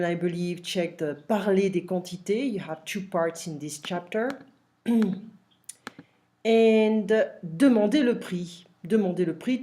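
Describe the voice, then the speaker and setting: A woman's voice: on the low side, mellow. A woman teaching an online French lesson. She explains step by step and repeats phrases, using fillers.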